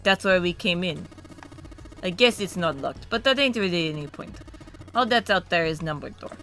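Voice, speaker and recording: A woman's voice: on the low side, lively intonation, moderate pace, fairly bright tone, faint music behind. A woman co-hosting a game playthrough, chatting and joking casually. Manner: joking, bantering. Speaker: let's play co-host. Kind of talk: casual chat over a game.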